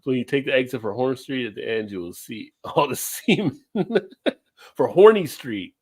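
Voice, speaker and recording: A man's voice: mid-range voice, moderate pace. A man co-hosting a casual chat show, joking around and laughing often. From Baltimore area. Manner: laughs often, jokey and animated. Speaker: co-host.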